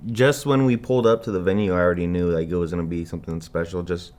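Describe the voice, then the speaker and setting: Low-voiced easygoing young man. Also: fairly even intonation, fast, darkish tone. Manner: easygoing, laughs along. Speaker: groom-to-be in an interview. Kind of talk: casual interview chat. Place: video studio.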